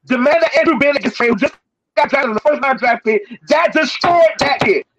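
A man's voice: very high voice, fairly quick, muffled recording, noisy background. A man in a heated sports debate, emphatic, repeating himself and talking over the others.

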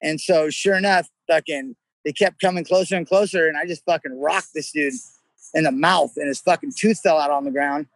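A man from San Jose, a touring musician, talking in a brash, animated way and swearing constantly. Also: a little high, fairly quick, dry recording, rough recording. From San Jose, California. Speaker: musician guest. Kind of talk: casual chat.

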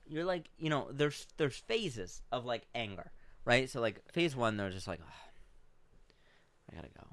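A man co-hosting a podcast, telling a story in casual chat, going from loud outbursts to hushed asides. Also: medium pitch, moderate pace, no room sound. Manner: animated storytelling, swings from shouting to hushed. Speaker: podcast co-host.

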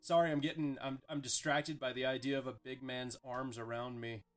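A man's voice: mid-range voice, flat delivery, brisk, over music. A young man hosting a casual podcast chat, rambling and profane, with lots of "like". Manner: rambling, profane, heavy filler "like". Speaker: host.

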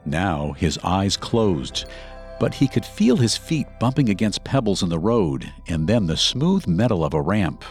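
Deep, lively male narrator. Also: a little slow, soft background music. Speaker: podcast co-narrator. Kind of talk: scripted narration.

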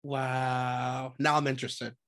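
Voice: mid-range voice, little pitch movement, takes it slowly, a bit bright. A podcast co-host chatting casually, reading gossip items and laughing often. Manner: laughs often, loose and joking, swears casually.

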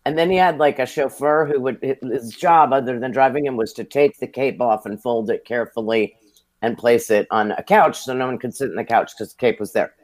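In a relaxed interview, an American TV producer speaks at an ordinary mid-range pitch and a brisk pace. He recounts stories from his career with lively, self-deprecating humor, letting each anecdote build in an easy, conversational way.

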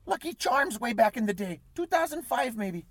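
A man's voice: very high voice, very animated, normal speed, fairly bright tone, no echo, heavily acted. A man playing a silly leprechaun in an improvised comedy bit, rambling and evasive, tacking "Joe" onto nearly every line. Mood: goofy, evasive. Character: silly male leprechaun with fake beard.

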